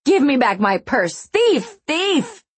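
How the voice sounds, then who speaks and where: A woman's voice: high voice, sing-song, slow, husky, dry recording, voice pushed up, heavily acted. A woman narrator voicing a furious, jealous middle-aged blonde woman who shrieks and sneers insults. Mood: shrieking, enraged.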